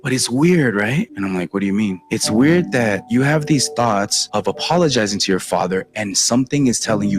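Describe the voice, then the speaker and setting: A man's voice: lowish voice, lively intonation, a little fast, hardly any pauses. A man telling a personal testimony as a guest, emotional and acting out what others said. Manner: emotional storytelling, acts out quoted voices.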